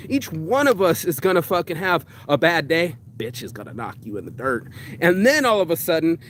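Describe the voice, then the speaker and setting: A man's voice: sits high, fairly bright tone, slight background noise. A man hosting his own vlog, delivering a blunt, profane motivational rant full of street slang and calling the listener bro. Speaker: vlog host.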